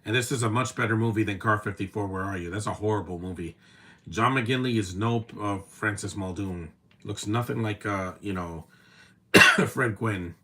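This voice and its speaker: A man's voice: on the low side, moderate pace, pushed and bright. A man in his thirties giving casual, opinionated live commentary while watching a movie, rambling with restarts and fillers.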